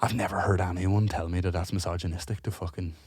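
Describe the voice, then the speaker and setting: A man, co-hosting a podcast and telling a story in casual chat, animated, swearing freely and acting out what people said. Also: low voice, fast, husky, no room sound, studio quality. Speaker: podcast co-host.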